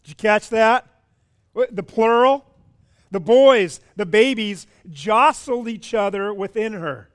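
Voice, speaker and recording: A man preaching a sermon as a pastor, animated, asking his congregation questions and often repeating words. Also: high-pitched, a little slow.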